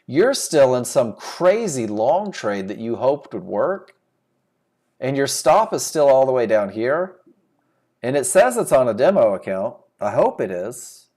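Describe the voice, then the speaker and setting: This trading instructor runs a live class through his computer mic, leaning on rhetorical questions and restating his main points to drive them home. He speaks in a mid-range voice with a darkish tone.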